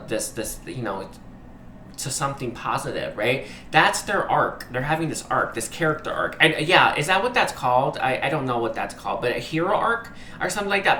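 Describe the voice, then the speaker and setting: A man gives a heartfelt tarot reading in a bright, forward voice. He keeps stumbling, hunting for the right word and saying sorry. The sound is roomy and echoey, with a faint hiss underneath. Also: medium pitch. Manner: hesitant, searching for words, often apologizing; earnest, emotionally moved. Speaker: tarot reader. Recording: roomy echo, faint background noise.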